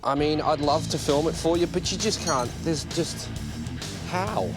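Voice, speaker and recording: Talking a little slowly in a fairly high voice over music, a car vlogger films himself working under a car in his garage. The casual clip comes through an external mic on an action camera as he grumbles, swears at the job, and ribs himself.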